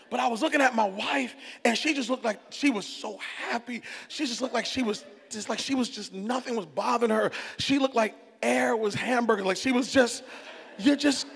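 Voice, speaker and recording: A male pastor with a strikingly high, gravelly voice, moving between lively storytelling and loud, fervent preaching. His sermon rings through a church hall with a long reverb. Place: church auditorium.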